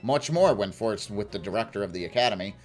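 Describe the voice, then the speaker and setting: A man's voice: on the low side, lively intonation, fast, darkish tone, faint music behind, voice pushed down, natural voice. A man voicing a formal, old-fashioned male school director while reading game dialogue aloud.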